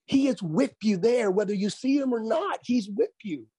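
A man's voice: high voice, animated, moderate pace, warm tone, slightly rough, no echo. A man who is a pastor and author, speaking as a radio interview guest in an emphatic preaching cadence and repeating phrases for effect.

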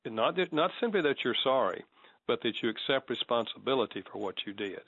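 A man speaking as a guest in a conversational interview, measured and explanatory, acting out sample apologies as he teaches. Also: mid-range voice, expressive, fairly bright tone, breathy edge, dry recording, dull audio.

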